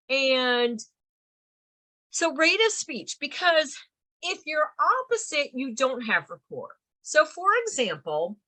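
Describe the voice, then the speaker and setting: A woman, teaching an online class in a quick, lively way and answering the chat. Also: high voice. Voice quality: somewhat nasal. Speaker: real estate instructor.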